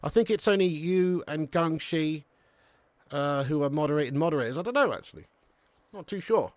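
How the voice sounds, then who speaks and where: A man's voice: on the high side, lively intonation, a little fast, no echo. A man hosting a live football watch-along stream, bantering with chat and laughing often.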